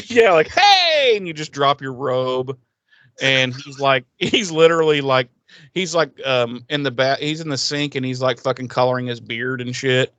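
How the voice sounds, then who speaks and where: A man's voice: medium pitch, normal speed, no room sound. Laughing, profane male podcaster. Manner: profane, laughing, animated retelling. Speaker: podcast co-host. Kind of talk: casual episode recap.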